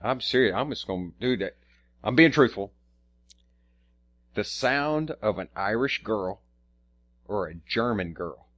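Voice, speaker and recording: A man's voice: lowish voice, lively intonation, a little slow, long pauses, a bit bright. A man co-hosting a podcast in casual chat, rambling and profane, stammering and restarting often. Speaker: podcast co-host.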